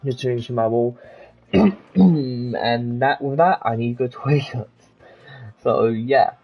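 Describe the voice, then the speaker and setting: A man's voice: mid-range voice, slow pace, gravelly, dull audio. A man streaming a game and commenting on it in a casual, rambling way, full of fillers and restarts. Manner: rambling, filler-heavy chatter. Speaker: gaming streamer.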